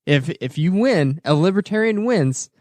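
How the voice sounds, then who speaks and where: A man co-hosting a podcast and chairing a campaign, speaking in a low-key, matter-of-fact way. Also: expressive, moderate pace, a little mellow, no echo, clean studio sound. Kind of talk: casual podcast banter.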